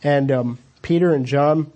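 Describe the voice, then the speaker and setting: A man's voice: fairly high pitch, a little slow, warm tone, lo-fi sound. A man preaching a sermon as pastor, telling the story in a casual, conversational way with rhetorical questions. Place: church.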